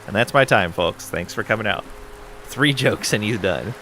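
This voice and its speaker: Guy streaming a game, reads the story out, relaxed, bright lowish voice. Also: moderate pace, slight background noise. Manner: relaxed, with frequent ums and asides. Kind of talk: casual game playthrough, reading story text aloud.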